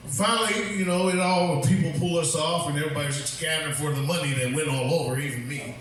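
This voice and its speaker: A man's voice: fairly high pitch, a bit bright, a little hiss or hum. A man doing stand-up at a bar comedy night, telling a rambling story and acting out the quotes. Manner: rambling, repeats words, acts out quotes. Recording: echoey bar room, mic at a distance.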